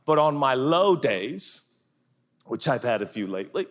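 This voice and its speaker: A man's voice: medium pitch, very animated, measured pace, fairly bright tone. A man pastor giving a sermon in a large theater, talking in a conversational, humorous and emphatic way. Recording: live hall reverb.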